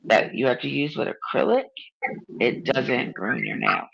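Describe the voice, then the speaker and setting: A woman's voice: rumbling low, unhurried, creaky, slightly rough, muffled recording. A woman hosting a casual video chat, talking bluntly, swearing freely and teasing her friend. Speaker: channel host.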